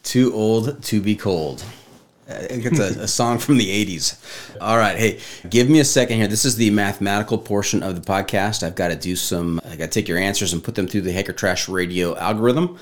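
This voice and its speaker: A man hosts a casual podcast interview in a fairly low voice. He jokes his way between questions with a playful manner. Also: brisk, few pauses. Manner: playful, jokey. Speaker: podcast host.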